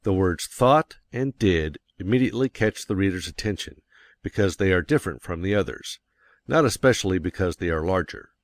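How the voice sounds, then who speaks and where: A man reading nonfiction aloud as an audiobook narrator, in a measured, deliberate manner. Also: low-pitched, expressive, no room sound.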